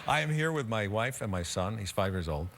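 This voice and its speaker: A man's voice: on the low side, lively intonation, a little fast, gravelly, background noise. A man in his fifties, a talk show guest telling dry, self-deprecating anecdotes in casual conversation. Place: television studio.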